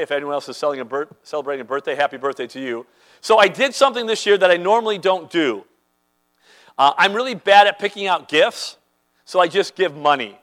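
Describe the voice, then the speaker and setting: A man's voice: high voice, a bit bright, poor audio. A man preaching a sermon as a pastor, earnest and conversational, telling everyday stories to make his point.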